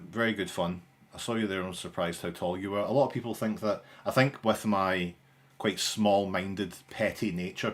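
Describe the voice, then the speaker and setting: A young man hosting a live stream in casual chat, with dry, sarcastic humour and a rambling way of talking. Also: deep voice. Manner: rambling, with frequent restarts and fillers.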